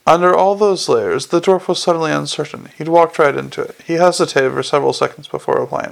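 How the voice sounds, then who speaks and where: A man narrating a fantasy audiobook, his voice sitting slightly high with a gravelly rasp. He reads at a steady, even storytelling pace. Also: quick pace, hardly any pauses. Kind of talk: scripted narration.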